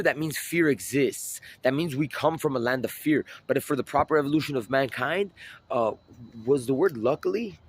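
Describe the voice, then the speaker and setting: A man telling a rambling personal story outdoors at night, repeating himself and searching for words. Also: medium pitch.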